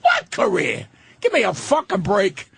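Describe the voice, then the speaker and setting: An older man, a guest comedian on a radio talk show, telling indignant, profane stories in a loud ranting way. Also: sits high, huge pitch swings, measured pace, gravelly, slightly rough, no echo. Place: radio studio.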